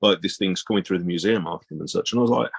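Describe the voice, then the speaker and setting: A British man co-hosting a podcast in casual chat, lively and opinionated. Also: low-pitched, very fast, creaky, breathy edge. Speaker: podcast co-host.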